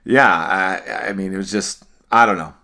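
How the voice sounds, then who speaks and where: A man co-hosting a casual hockey podcast, speaking in a measured way with frequent restarts. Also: low voice, bright, forceful tone. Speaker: podcast co-host. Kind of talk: casual sports podcast chat.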